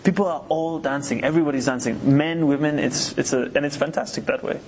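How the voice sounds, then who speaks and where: A man's voice: on the high side, steady tone, brisk, a little mellow, a little hiss or hum. A man from Uganda who grew up in New York, talking in a chatty, storytelling way in conversation. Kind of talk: relaxed conversation.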